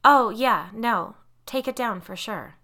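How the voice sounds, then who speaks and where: A woman's voice: a little high, takes it slowly, pushed and bright, pitched above the performer's own voice, exaggerated voice. A woman voicing a tired, distracted teenage girl in an audiobook, giving short, vague replies.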